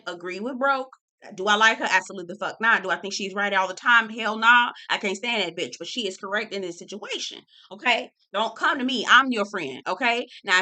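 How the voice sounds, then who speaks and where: A woman's voice: mid-range voice, pushed and bright. A woman reviewing a reality TV show in a casual vlog, sassy, blunt and profane, and she calls everyone "girl.".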